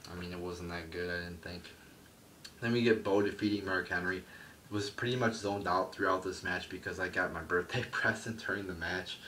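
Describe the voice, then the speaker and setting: A man's voice: low-pitched, fairly bright tone, far from the mic, slight background noise. A man reviewing a wrestling show in a blunt, profane and dismissive rant, often trailing off and restarting.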